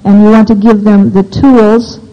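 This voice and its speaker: A woman's voice: medium pitch, level tone, a little slow, warm tone. Opinionated woman giving a seminar talk. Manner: asks the audience questions, practical and opinionated. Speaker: homeschooling seminar speaker. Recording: dull lo-fi recording.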